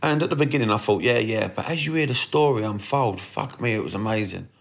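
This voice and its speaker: A man's voice: fairly low pitch, fast talker, gravelly. A man hosting a podcast, telling stories in a blunt, rambling way and swearing freely. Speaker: podcast host. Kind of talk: casual storytelling monologue.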